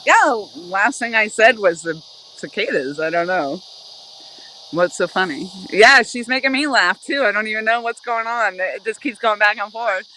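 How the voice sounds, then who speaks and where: A woman's voice: medium pitch, animated, normal speed, pushed and bright, a little hiss or hum, rough recording. A woman hosting a casual fishing live stream outdoors by a river, laughing often as she chats. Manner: giggly, keeps breaking into laughter.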